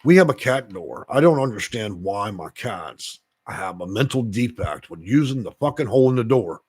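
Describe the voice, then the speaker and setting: A man's voice: fairly low pitch, lively intonation, moderate pace, breathy edge, no room sound. A man hosting a casual live stream from his rural home, rambling, swearing and venting about his day. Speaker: channel host.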